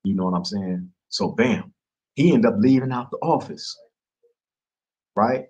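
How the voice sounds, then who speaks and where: A man's voice: lowish voice, measured pace, husky, low-quality recording. A man hosting a podcast, telling a story to camera in casual street slang and acting out the quotes. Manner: street slang, animated retelling with acted-out quotes. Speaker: podcast host.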